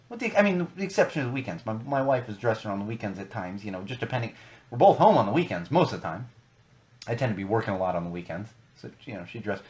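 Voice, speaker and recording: A young man holds forth on his podcast in a loose, conversational way. His pitch swings widely as he hammers his points home, repeating phrases for emphasis. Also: fast. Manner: animated, emphatic, repeats for stress. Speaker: podcast host. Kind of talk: casual podcast rant.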